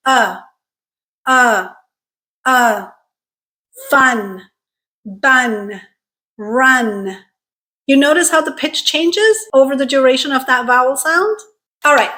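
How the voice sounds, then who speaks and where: A woman with a somewhat high voice leads a pronunciation lesson. She talks straight to her viewers in an encouraging, clear way and slows down to stretch out the sounds she models. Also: fairly bright tone. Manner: clear, deliberate teaching with drawn-out model sounds; encouraging, direct address to viewers. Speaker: accent coach.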